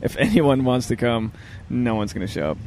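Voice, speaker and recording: A man's voice: mid-range voice, lively intonation, normal speed, darkish tone, a little hiss or hum. A man hosting a casual comedy podcast, joking and rambling as he talks, laughing often. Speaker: podcast host.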